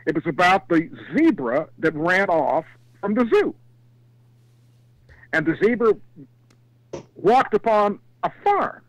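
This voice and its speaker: A man on a live panel show, chatting and telling stories in an animated way. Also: high-pitched, slow pace, long pauses, rough recording. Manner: animated storyteller. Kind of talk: casual live panel chat and storytelling.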